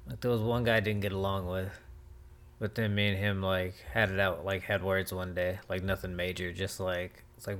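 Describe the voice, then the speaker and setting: A man's voice: low voice, level tone, moderate pace, fairly bright tone. A man co-hosting a podcast in casual chat, laid-back and matter-of-fact. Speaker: podcast co-host.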